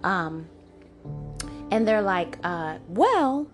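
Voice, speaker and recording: A woman in her forties tells a personal story on her podcast, animated and chatty, with plenty of "like" and "you know". Her voice carries a gravelly edge of vocal fry. Music plays clearly beneath her voice throughout. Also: lowish voice, moderate pace. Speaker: podcast host. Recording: music playing underneath. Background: background music.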